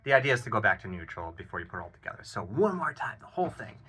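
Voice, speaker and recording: A man giving a casual drum lesson, counting beats aloud and explaining an exercise in a relaxed, encouraging way with plenty of ums and uhs. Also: on the low side, rapid-fire, husky. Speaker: drum teacher. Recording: loud drum playing behind the voice. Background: drum kit playing.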